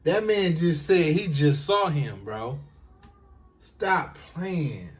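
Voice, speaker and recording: A man hosting a reaction video, talking casually at home with loud, profane, animated outbursts. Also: on the high side, slow, recorded from a distance.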